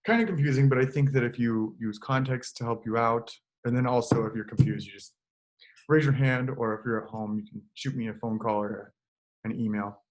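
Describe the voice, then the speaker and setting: A man leading an online choral lesson speaks fairly quickly in a medium-pitched voice. As a choir director, he explains in a relaxed way and now and then sings short examples into a computer microphone.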